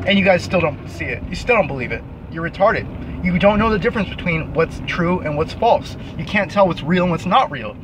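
A young man with a high voice rants to the camera in a scornful, cursing tone and hammers the same insult again and again. He talks outdoors, and the noise of traffic running nearby comes through clearly under every sentence. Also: lively intonation, brisk. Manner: profane, scornful, repeats himself. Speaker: vlogger. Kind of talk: angry rant to camera. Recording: noisy outdoor recording near traffic.

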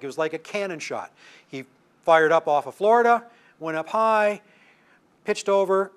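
Older man telling space stories. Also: on the high side. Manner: storytelling with asides and restarts. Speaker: lecturing astronomer. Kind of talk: public science talk.

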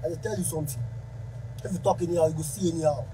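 A high-voiced man with a Ghanaian Pidgin accent delivers a heated, confrontational rant straight to camera. He keeps circling back to the same accusations, and faint noise hums behind him. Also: very fast, mellow, rough recording. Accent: Ghanaian Pidgin English. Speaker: musician.

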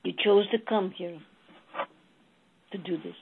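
A woman channeling a spiritual message, telling a fable slowly and calling her listeners beloved souls. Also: on the low side, steady tone, gravelly, slightly rough. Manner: slow, storytelling, addressing listeners as beloved souls. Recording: tinny phone-like audio.

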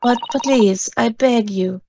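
A woman's voice: fairly high pitch, slow pace, creaky, background noise. Woman doing a Russian-accented runaway ballerina. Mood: pleading. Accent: put-on Russian. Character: young woman ballerina on the run.

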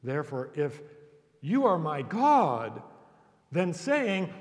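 A man's voice: a little high, very animated. A man, a university instructor, giving a public lecture with playful, chuckling asides to a live audience. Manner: unhurried, playful, chuckling between points. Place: auditorium before a live audience. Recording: echoey hall with long reverb.

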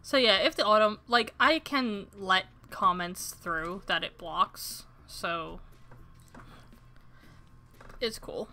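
A young woman streaming a farming game who chats casually with her viewers. She jokes easily about her own attempts, and her voice has a bright, sharp edge. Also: mid-range voice, takes it slowly, long pauses. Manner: chatty and self-deprecating. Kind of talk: casual livestream chat.

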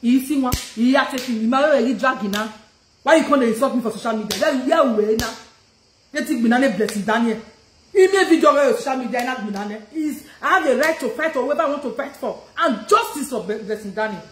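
Heard through reverb and a little hiss or hum, a woman with a Nigerian accent delivers a confrontational live-stream rant. Her voice is a little high, animated and fairly quick, and she repeats her questions while changing languages mid-sentence.

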